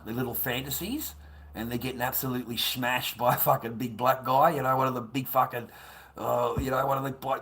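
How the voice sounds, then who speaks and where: A middle-aged man ranting crudely on a livestream, rambling, swearing and laughing. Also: mid-range voice. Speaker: livestream host. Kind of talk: ranting casual livestream chat.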